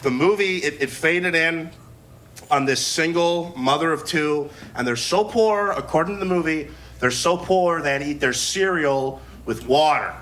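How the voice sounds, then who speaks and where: A man's voice: fairly high pitch, moderate pace, a bit bright. A man in his twenties from Newark doing a loose, laughing stand-up set with playful swearing. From Newark, New Jersey. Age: 20s. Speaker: stand-up comedian. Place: live comedy venue.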